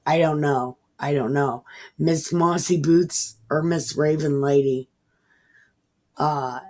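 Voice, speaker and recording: Woman, low voice, unhurried, casual scripture reading, rambling irreverent commentary. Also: steady tone, a little mellow. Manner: rambling, irreverent, swears freely. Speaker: online Bible reader.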